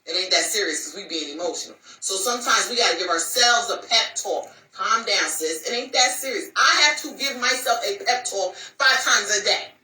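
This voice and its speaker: A woman's voice: mid-range voice, normal speed, few pauses, bright, forceful tone, distant mic. A woman hosting a casual advice talk for women, sassy and emphatic, repeating lines for punch. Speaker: host giving relationship advice to women. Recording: roomy echo, voice a bit off mic.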